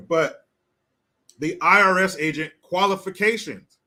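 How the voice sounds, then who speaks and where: A man's voice: high voice, slow, sharp tone. A man hosting a live stream, ranting with sarcastic, profane, mocking commentary. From California.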